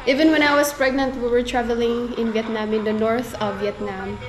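A woman's voice: a little high, little pitch movement, a little fast, over music. A woman chatting casually to her viewers in a family vlog, laughing often between phrases. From Philippines. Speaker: family vlogger. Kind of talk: casual vlog chat to camera.

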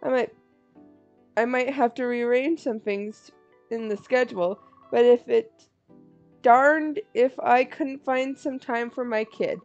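Fond folksy parent figure, woman reading game lines; slow, dull recording. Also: fairly high pitch, fairly even intonation, a little mellow, soft background music. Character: doting parent talking to their kid.

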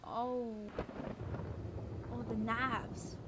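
Young woman gamer reacting to a horror game, slow drawl, a bit high, swears a lot, noisy mic. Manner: excitable, swearing, shrieks and nervous laughs. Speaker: gaming streamer. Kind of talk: reactive gameplay commentary. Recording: noisy home recording.

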